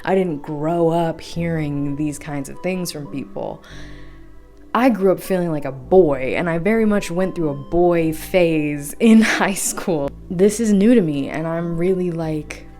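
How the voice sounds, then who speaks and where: Young woman vlogging from home, low voice, slow chatty talk, laughs a lot, soft music behind. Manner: chatty, laughs often, many "like" fillers. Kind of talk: casual reflective monologue.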